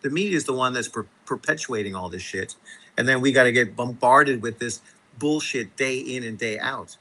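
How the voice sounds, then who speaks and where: Male live-stream host, mid-pitched, forceful bright voice, swearing his way through a casual rant. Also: normal speed, low-quality recording. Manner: profane, exasperated ranting. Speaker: boxing show host.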